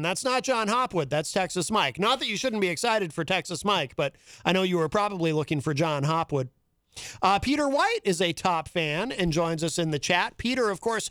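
A man hosts a radio talk show with a fairly high, light voice. He reads listener chat messages aloud in an easy, chuckling way. The studio mic is close and dry. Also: fairly bright tone, dry recording.

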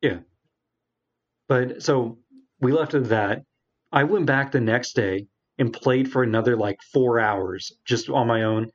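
A man's voice: mid-range voice, measured pace, husky. A man co-hosting a casual gaming podcast, telling a long game story in a rambling way. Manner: rambling storyteller, acts out game characters in quotes. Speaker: podcast co-host. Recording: dull lo-fi sound.

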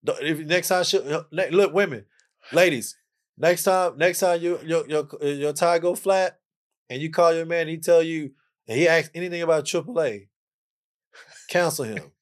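A man's voice: a little high, normal speed. A man guest on a casual podcast, playfully lecturing his listeners and repeating phrases for emphasis. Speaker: podcast guest, jazz musician.

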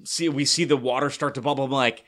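A man co-hosting a fan podcast, chatting excitedly and rambling, often trailing off mid-sentence. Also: mid-range voice, quick pace. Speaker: podcast co-host. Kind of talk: casual fan chat.

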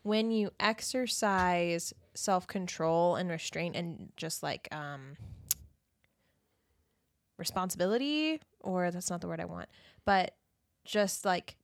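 A woman's voice: on the low side, animated, slow pace, no echo, clean studio sound. A woman co-hosting a faith podcast in casual conversation, backing her husband with frequent murmurs and jumping in with her own points. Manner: chatty, frequent affirming murmurs. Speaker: podcast co-host.

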